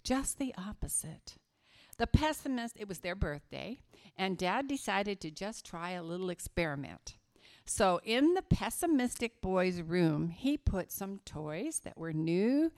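Speaking in a mid-range voice, a West Virginian woman gives the children's sermon at church, slowly and emphatically walking the kids through a story.

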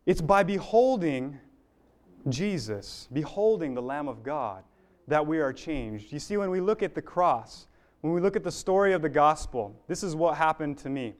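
A man's voice: a little high, expressive, moderate pace. A man preaching a sermon in an earnest, building way, with fillers and restarts along the way.

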